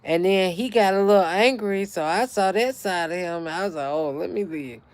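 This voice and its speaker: A middle-aged channel host rants in casual livestream chat, telling a heated, profane story full of swearing. The voice is smooth and medium-pitched at a normal speed, with no room sound.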